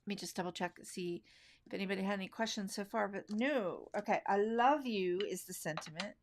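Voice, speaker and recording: A woman's voice: medium pitch, a little hiss or hum. A woman teaching card making in a live craft demonstration, chatting loosely and thinking aloud as she works. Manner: relaxed, chatty, thinks aloud while working; slow, drawn-out phrasing.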